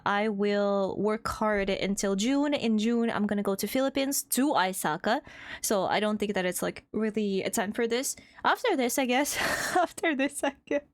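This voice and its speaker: A woman's voice: on the high side, no echo, studio quality. A young woman with a Russian accent, a VTuber chatting casually on a livestream, reading chat aloud and laughing often. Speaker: VTuber streamer.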